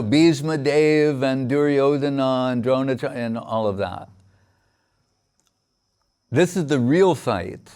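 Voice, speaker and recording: A man, a spiritual teacher, giving a sermon on scripture in a halting way, reciting verses and restarting often. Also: medium pitch, a little mellow.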